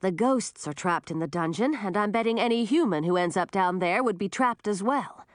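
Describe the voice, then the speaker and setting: A woman's voice: mid-range voice, expressive, normal speed, no room sound, lightly acted. A brave young dragoness princess, as a woman reads her aloud, with a lifted, earnest voice that rings out when she calls. The sound is dry and close, as in a storybook recording. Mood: confident. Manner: bright and earnest, calls out loudly.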